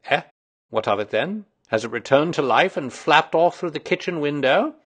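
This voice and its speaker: Male reader doing a sharp-minded Victorian sleuth, emphatic and lively. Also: fairly high pitch, moderate pace, voice pushed up. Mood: assured. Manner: precise, lecturing, emphatic. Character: brilliant, self-assured Victorian male detective.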